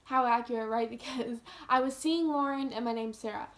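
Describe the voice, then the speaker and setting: Brief: young woman vlogger, high voice, earnest, chatty, lots of "like". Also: fairly even intonation, brisk, a bit bright, a little hiss or hum. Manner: earnest, heavy use of "like". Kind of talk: casual storytelling to camera.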